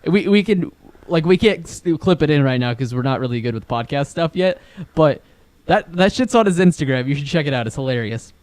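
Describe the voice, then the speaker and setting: A man's voice: a little fast, no echo. A man in his twenties co-hosting a casual podcast, telling stories with lots of swearing and acting out his friend's panicked lines. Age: 20s. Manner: animated storyteller, swearing, acts out others' lines in a squeaky voice. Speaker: podcast co-host. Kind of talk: casual chat.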